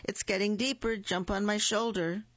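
A woman's voice: mid-range voice, fairly even intonation, normal speed, fairly bright tone, no echo, pitched above the performer's own voice, lightly acted. A woman doing a sly, coaxing fox. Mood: urging. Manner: coaxing, falsely kind. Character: sly male fox, smooth-talking and crafty. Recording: dull lo-fi recording.

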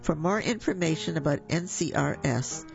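A woman reading a children's story aloud for a radio reading service, in a slow, gentle manner. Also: deep voice, expressive, gravelly, muffled recording, faint music behind. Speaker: volunteer reader for a reading service.

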